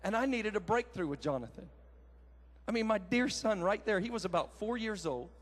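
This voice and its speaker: High-voiced preacher telling stories. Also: male voice, normal speed. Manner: animated, folksy storytelling with shouted quotes. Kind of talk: sermon with personal story. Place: large conference hall.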